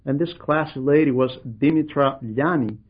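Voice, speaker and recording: Husky guy telling a church story, kinda muffled lo-fi sound. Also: mid-range voice, moderate pace. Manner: earnest storytelling, voicing the quoted speakers. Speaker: religious storyteller addressing a gathering. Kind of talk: retelling a monk's story aloud. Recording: dull lo-fi recording.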